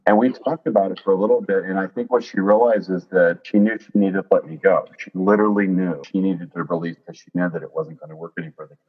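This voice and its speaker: Husky low-voiced man in his fifties. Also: highs cut off. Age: 50s. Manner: earnest, lively, often quoting others in dialogue. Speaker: interview guest. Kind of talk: candid personal storytelling.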